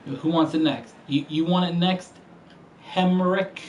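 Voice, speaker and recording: A man's voice: a little high, steady tone, unhurried, darkish tone, slight background noise, poor audio. A man streaming a racing game, talking casually with heavy slang and profane trash talk. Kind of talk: casual gaming commentary.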